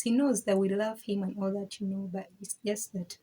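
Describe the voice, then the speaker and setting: A woman's voice: medium pitch, fairly even intonation, normal speed, hardly any pauses, warm tone, husky, rough recording. A woman giving a candid personal faith testimony, emphatic and frank, repeating herself and laughing between points. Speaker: vlogger sharing her faith testimony.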